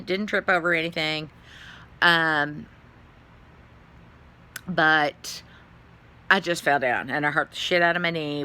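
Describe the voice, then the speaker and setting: This vlogger is a weary middle-aged woman talking loosely into her phone camera, drifting from topic to topic with the occasional yawn and curse. She speaks in a low-pitched voice with a bright, forceful tone.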